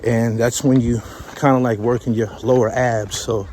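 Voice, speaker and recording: A man's voice: mid-range voice, level tone, moderate pace, mellow, a little hiss or hum. A man hosting a casual travel vlog on an outdoor hiking trail, a bit winded, talking bluntly and jokingly into a handheld phone. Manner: blunt, joking, profane talk. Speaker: vlogger host.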